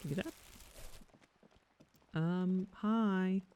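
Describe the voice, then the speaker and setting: A streamer casually commenting on a game and reading lines aloud, musing and swearing in an unhurried way. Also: female voice, lowish voice, fairly even intonation, mellow, clear, resonant tone.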